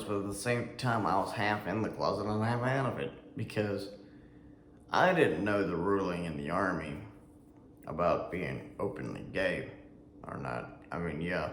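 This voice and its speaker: In an echoey room with faint ambience and slight background noise, a man who served in the Army tells a personal story in a loose, rambling way. This vlogger has a low voice and uses lots of fillers and restarts, with some swearing.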